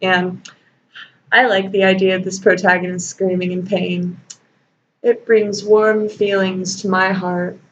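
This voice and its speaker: A woman's voice: mid-range voice, flat delivery, a little slow. Sarcastic woman reading and mocking fanfiction. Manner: sarcastic, swears freely, laughs often. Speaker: host. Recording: dull lo-fi home recording with faint noise.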